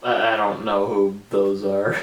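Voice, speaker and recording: A man's voice: on the low side, level tone, unhurried. A man co-hosting a podcast in casual chat, making dry questioning asides. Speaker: podcast co-host. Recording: roomy echo.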